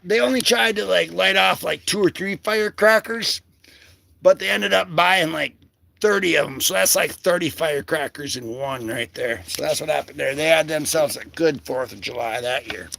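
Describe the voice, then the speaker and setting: A man hosts a loose, rambling livestream, chatting to viewers and paging through comics in slangy talk. His voice sits high and bright, with a gravelly edge. He drifts along, leaning on fillers. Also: normal speed, no echo. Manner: talks to chat viewers by name. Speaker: livestream host. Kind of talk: casual livestream commentary on comics.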